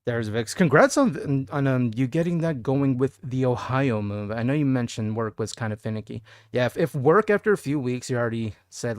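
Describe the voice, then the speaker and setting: A man's voice: mid-range voice, lively intonation, moderate pace, few pauses, no echo, clean studio sound. A man streaming live, chatting casually with viewers, goofing around and singing bits of songs. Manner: goofy, sings song snippets and jokes with chat.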